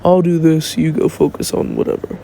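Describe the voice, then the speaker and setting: A man voicing a smug, calm young male dragon heir who boasts matter-of-factly, recorded on a phone. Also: a little high, brisk, creaky, slight background noise.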